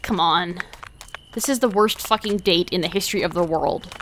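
A woman's voice: fairly low pitch, normal speed, a bit bright, slight background noise. A young woman voicing a hot-tempered, foul-mouthed underage delinquent girl who swears constantly and talks bluntly and defensively. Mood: sheepish.

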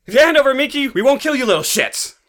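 A man's voice: very high-pitched, very animated, fast talker, fairly bright tone, pitched above the performer's own voice, full character voice. A man voicing a tough, foul-mouthed young male gang thug who snarls threats and curses. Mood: snarling. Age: 20s.

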